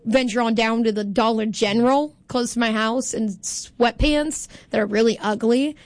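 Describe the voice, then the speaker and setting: Casual morning chat from a sleepy woman radio co-host in a studio, high voice, dry close sound, jokey and self-mocking with lots of laughing. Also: normal speed, dry recording. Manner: chatty, joking, self-mocking, laughs often.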